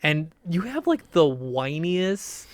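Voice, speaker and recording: A man co-hosting a casual TV review podcast who laughs often and acts out characters' lines in quick little voices. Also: on the high side, very animated, no echo, clean studio sound. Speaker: podcast co-host.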